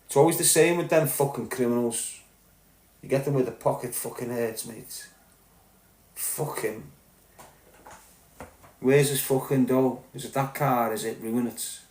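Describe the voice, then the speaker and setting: A man with a Liverpool accent rants into his podcast mic, blunt and angry, swearing freely. His voice sits at an ordinary pitch and bounces around an echoey room. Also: measured pace, pauses often, darkish tone. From Liverpool, England. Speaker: podcast host. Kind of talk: heated ranting monologue.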